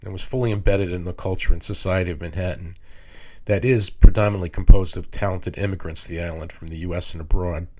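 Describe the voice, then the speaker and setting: An older man giving a casual lecture as a retired architect, telling personal stories in a halting, rambling way with restarts. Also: deep voice, steady tone, a little mellow. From New York City. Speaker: retired architect teaching a class.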